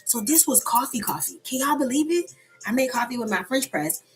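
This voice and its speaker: A woman's voice: fairly high pitch, lively intonation, a little fast, soft background music, rough recording. Chatty woman hosting a live stream. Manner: chatty and loose, answers viewer comments, laughs often. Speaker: host of a live coffee chat stream. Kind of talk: casual live-stream chat with viewers.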